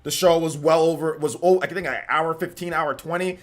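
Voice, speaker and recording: A man's voice: fairly high pitch, steady tone, a little fast. A man hosting a casual gaming podcast over an online call, ranting emphatically and repeating himself as he talks. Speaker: podcast host.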